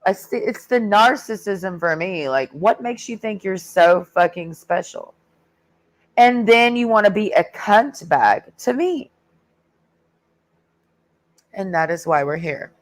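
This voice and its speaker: A woman's voice: medium pitch, animated, takes it slowly, long pauses, no room sound. A woman ranting in a heated, sarcastic and profane way in a casual vlog. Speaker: vlogger. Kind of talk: casual rant.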